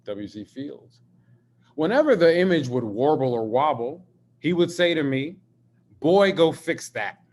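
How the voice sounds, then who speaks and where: A man, an artist, talking in a live-streamed video conversation, an expressive and emphatic storyteller who swears freely. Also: on the high side, a little hiss or hum. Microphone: video call.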